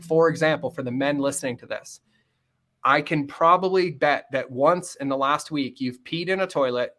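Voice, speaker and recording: A middle-aged man speaking candidly as a podcast guest, earnest and fast-flowing, often acting out bits of dialogue. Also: mid-range voice, a bit bright. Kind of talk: candid interview conversation.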